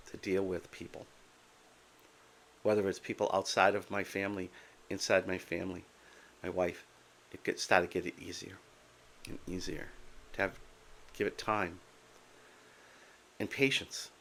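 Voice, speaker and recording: Older male vlogger, plain-spoken and blunt, bright forward tone, casual talk to camera. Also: fairly low pitch, gravelly. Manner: candid, plain-spoken, with blunt humor and frequent okays. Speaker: vlogger sharing his Meniere's experience.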